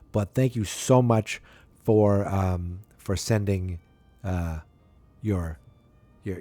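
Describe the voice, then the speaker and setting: A man casually recapping a sitcom episode, rambling with frequent ums and restarts, and jumping into a higher voice to act out the characters' lines. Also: mellow, no echo. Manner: acts out characters' quotes in a higher voice.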